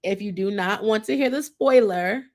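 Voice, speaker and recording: In a mid-range voice at a moderate pace, a chatty woman hosting a podcast rambles through a casual recap of a TV show, imitating the people she describes along the way.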